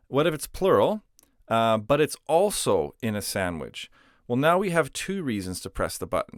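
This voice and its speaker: A man's voice: medium pitch, dry recording, studio quality. A man teaching a language lesson, explaining patiently with simple everyday comparisons. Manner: patient, uses simple analogies.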